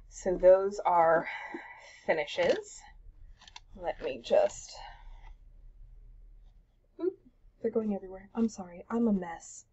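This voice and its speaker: A woman's voice: fairly low pitch, darkish tone, dull audio. A young woman chatting casually about her cross-stitch projects at home, rambling with lots of ums and self-deprecating asides. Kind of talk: casual show-and-tell chat.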